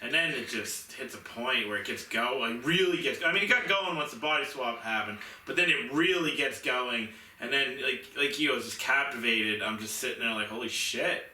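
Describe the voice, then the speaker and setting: A man co-hosting a casual movie chat, animated and swearing as he tells stories. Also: medium pitch, moderate pace, few pauses, roomy sound, far from the mic, slight background noise. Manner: animated storyteller, swears, laughs. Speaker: podcast co-host ranking movies.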